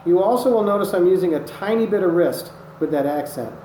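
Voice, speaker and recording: A man's voice: high voice, lively intonation, a little fast. A man teaching drumming technique, patient and methodical, calling out strokes as he demonstrates them. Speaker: drum instructor. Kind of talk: instructional demonstration. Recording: echoey room with loud noise. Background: drumming on a practice surface.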